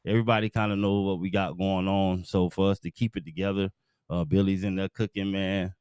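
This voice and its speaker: A man who is a guest on a sports talk show, speaking in casual slang with a laid-back, halting delivery. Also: low voice, flat delivery, darkish tone, smooth, dry recording, studio quality.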